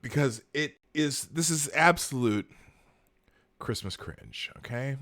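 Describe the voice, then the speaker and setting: A man's voice: mid-range voice, expressive, slow, a bit bright. Laughing, rambling male live-show host. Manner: rambling, sarcastic, laughs often, many fillers. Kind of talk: casual live-stream commentary.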